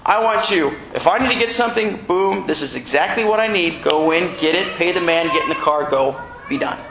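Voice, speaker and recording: This sermon comes from a Messianic congregation's rabbi who preaches conversationally, joking, adding asides and acting out short exchanges with his audience. His somewhat high voice is creaky and a bit bright, and he talks fairly quickly. An echoey room and faint noise color the audio.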